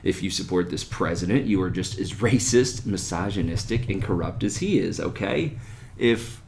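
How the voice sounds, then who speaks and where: A man hosting an opinion podcast, talking in an animated, sarcastic way with sharp jumps in pitch on his rhetorical questions. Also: moderate pace, gravelly, slight background noise. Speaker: podcast host. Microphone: desktop USB microphone.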